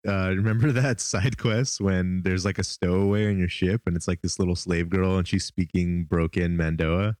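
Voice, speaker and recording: Easygoing, laughing man, lower voice. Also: steady tone, moderate pace, few pauses, a little mellow, no room sound, clean studio sound. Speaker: podcast co-host. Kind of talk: casual chat.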